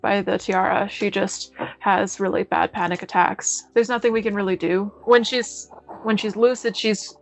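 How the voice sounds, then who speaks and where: A woman voicing a weary male tiefling companion, explaining quickly in an earnest, resigned way. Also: mid-range voice, fairly even intonation, creaky, soft background music, close to an everyday voice, low-quality recording.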